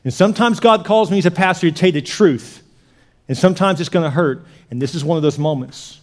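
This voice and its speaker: A male pastor preaching a sermon in an animated way, swinging from loud punches to hushed near-whispers. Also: a little high, quick pace.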